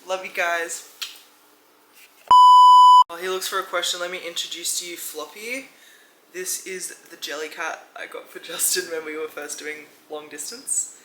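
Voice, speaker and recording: A woman's voice: lowish voice, fairly even intonation, moderate pace, long pauses, echoey room, very noisy. A young woman, chatting casually and teasingly in a vlog Q&A at home. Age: young adult. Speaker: vlogger. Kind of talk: casual Q&A chat. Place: room at home, at night.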